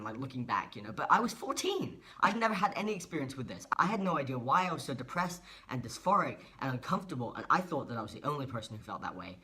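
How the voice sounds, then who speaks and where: A man's voice: medium pitch, bright, forceful tone. A young man, speaking earnestly and emotionally in a personal vlog monologue. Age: 20s. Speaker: vlogger.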